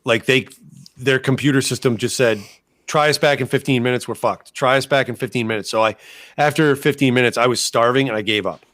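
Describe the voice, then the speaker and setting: A podcast co-host tells a story in casual, profane banter, acting out the voices of people he quotes. His medium-pitched voice is brisk and fairly bright, captured in a dry, clean studio recording.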